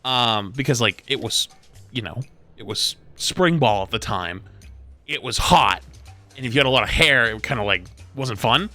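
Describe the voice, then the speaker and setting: Bright-voiced young male streamer. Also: mid-range voice, normal speed, faint music behind. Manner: animated, profane, often gets loud. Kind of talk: casual storytelling while gaming.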